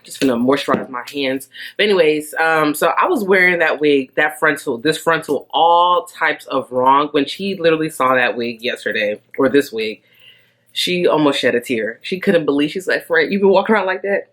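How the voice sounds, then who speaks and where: A woman's voice: low voice, normal speed, fairly bright tone. A young woman chatting casually to camera in a vlog, rambling and laughing often. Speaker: beauty vlogger.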